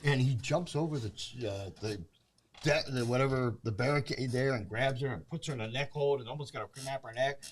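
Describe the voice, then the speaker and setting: Male movie reviewer, casual talk-show chat, animated storyteller who acts out the quotes. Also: mid-range voice, brisk. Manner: animated storyteller acting out characters' lines.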